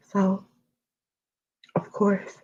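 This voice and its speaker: A middle-aged woman telling a personal story as an interview guest, halting and emotional, often dropping to a whisper. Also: sharp tone, lo-fi sound. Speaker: guest sharing a family loss.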